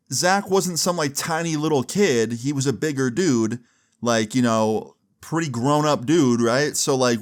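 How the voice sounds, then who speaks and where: A young man with a mid-pitched voice tells a casual story to his followers, swearing freely and leaning on filler words. His delivery is loose, crude, and conversational, packed with "like."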